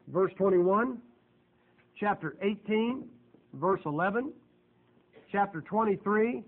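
High-voiced preacher man, tinny sound. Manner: folksy, emphatic, rhetorical questions to the audience. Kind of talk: sermon.

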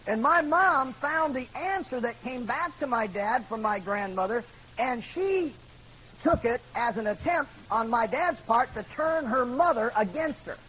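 An older man telling a personal story in a sermon, earnest and building to loud outbursts. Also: extremely high pitch, animated, measured pace. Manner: earnest storytelling, rises to shouting when quoting. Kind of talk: sermon testimony. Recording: dull lo-fi recording with faint noise.

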